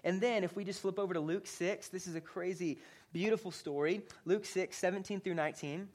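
A man, a pastor, preaching a sermon in a casual, conversational way, telling stories in an animated manner and often checking in with the congregation. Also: sits high, brisk. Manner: conversational, animated storytelling with frequent "like" and "right?".

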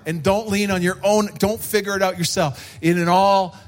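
A man preaches a sermon in an earnest, unhurried way and stretches out key phrases. His voice sits a little high for a man, and it climbs when he presses a point. Soft music plays faintly behind him. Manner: earnest, slow and emphatic, rising for stress. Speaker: pastor.

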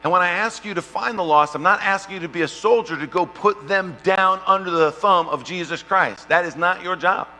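A man preaching a sermon and telling a personal story, shifting between loud, lively stretches and quiet, hushed ones. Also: high voice, a little fast, hardly any pauses, soft background music. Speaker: pastor. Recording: long hall reverb, faint mains hum.

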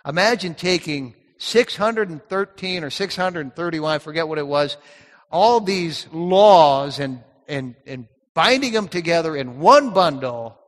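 High-voiced preaching man in a reverberant hall. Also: expressive, moderate pace, hardly any pauses, a bit bright. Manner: emphatic preaching, repeats key words. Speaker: pastor. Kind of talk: sermon.

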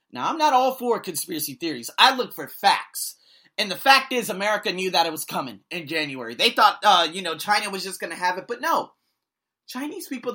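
A man who hosts an ESL podcast, ranting to camera with blunt profanity. He swings between loud outbursts and low muttering. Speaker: vlogger and ESL podcast host. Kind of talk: angry opinion rant to camera.

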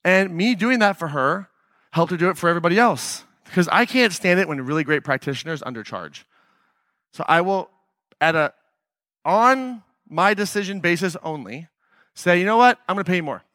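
A man's voice: high-pitched, expressive, moderate pace, sharp tone, dry recording, clean studio sound. A man hosting his own podcast, talking casually in a blunt, emphatic, swearing manner. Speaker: podcast host. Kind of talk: casual solo podcast monologue.

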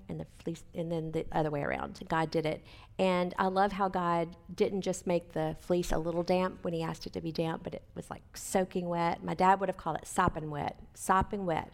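A woman leading a women's Bible study in a chatty teaching style, often asking her listeners questions and filling pauses with "um". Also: fairly low pitch, gravelly. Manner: chatty, asks listeners questions, many fillers.

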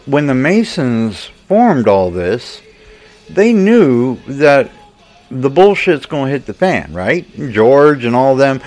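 A low-voiced man rants slowly about politics on his own channel. He wanders from point to point, swears freely and sometimes jumps into loud outbursts, with faint music in the background. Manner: profane, loose and meandering, swings into sudden loud outbursts. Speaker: channel host. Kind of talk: rambling political rant.

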